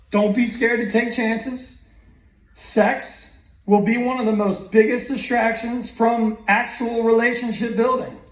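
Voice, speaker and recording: Guy in his 30s telling his life story at a school convocation, pretty high voice, echoey hall, sounds far from the mic. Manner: earnest personal storytelling with restarts. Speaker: guest speaker. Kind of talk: motivational convocation speech.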